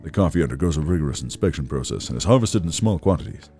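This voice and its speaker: Man putting on a gruff older café boss, low and grave, lecturing a young trainee; let-up faint music behind. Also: lively intonation, mellow. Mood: stern. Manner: low, measured, dryly critical lecturing. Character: gruff middle-aged male café owner, stern mentor. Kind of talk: reading game dialogue aloud in character.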